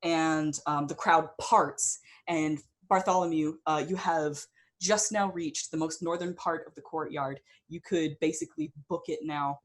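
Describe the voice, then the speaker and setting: A woman's voice: sits low, measured pace. A woman narrating as game master in a tabletop game, loose and chatty with many fillers.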